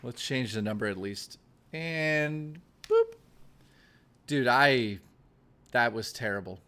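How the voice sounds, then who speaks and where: A man streaming live, talking straight to his chat in a loose, rambling way. He reads viewer names and messages aloud and jokes around with plenty of cursing. His pitch sits in an ordinary middle range. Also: wildly swooping pitch, slow pace, bright, forceful tone. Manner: profane, joking, reading chat aloud. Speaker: streamer host. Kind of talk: casual livestream chat.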